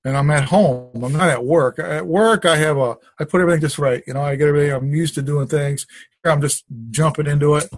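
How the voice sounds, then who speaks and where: A man's voice: fairly high pitch, fairly even intonation, fast, dry recording. Rambling middle-aged man telling a story. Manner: rambling storyteller, many restarts and asides. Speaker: testimony sharer. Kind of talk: casual spoken testimony. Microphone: conference call.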